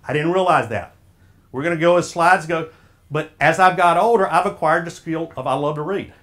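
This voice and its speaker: A man with a Southern drawl speaks a little above the usual male pitch. He gives a folksy, sermon-like motivational talk and keeps throwing questions at the crowd. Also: brisk, a bit bright. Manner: folksy, preacher-like, quizzing the audience. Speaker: speaker at an officials' association.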